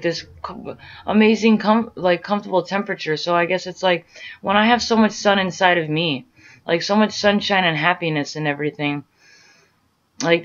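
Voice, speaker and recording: A woman's voice: sits low, fairly bright tone, highs cut off. A young adult woman vlogging, rambling through a story of her day with many fillers and restarts. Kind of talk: casual storytelling monologue.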